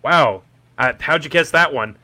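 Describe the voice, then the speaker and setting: Man, quiz host, teasing and playful, bright upper-middle voice. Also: fairly high pitch, measured pace. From Kentucky. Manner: playful, teasing, laughs often. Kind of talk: casual podcast quiz.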